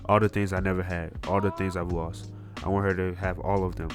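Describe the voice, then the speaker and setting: A man's voice: sits low, brisk, over music, natural voice. A man reading as a grieving young man. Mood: earnest. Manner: flat read-aloud delivery.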